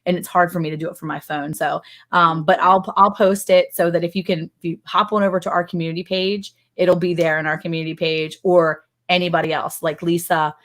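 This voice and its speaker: A woman hosting a casual livestream chat, excited and chatty, with lots of fillers. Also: fairly low pitch, fairly quick, few pauses. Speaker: livestream host.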